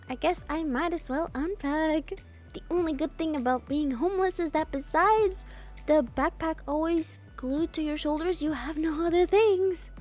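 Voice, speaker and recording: A high-pitched woman reads a story game aloud to her viewers, switching between the narration and playful, expressive reactions of her own. She teases herself over her slips as she goes. A little music plays quietly behind her. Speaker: game streamer.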